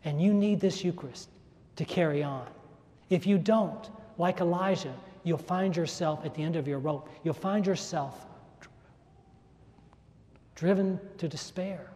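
With a fairly high, mellow voice, a man preaches at a measured pace, pausing often. His emphatic sermon echoes through a large church hall, stressed by repeated phrases and a voice that rises and falls.

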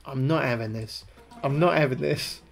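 A man streaming a horror game live, excitable and swearing, yelping when he gets scared. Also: medium pitch, moderate pace, creaky, faint music behind. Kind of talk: live gameplay commentary.

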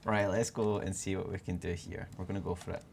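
A man's voice: deep voice, flat delivery, quick pace, gravelly, a little hiss or hum. A British man hosting a game stream, chatting casually and joking while he plays. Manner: playful, joking, thinks aloud. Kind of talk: casual let's play chat.

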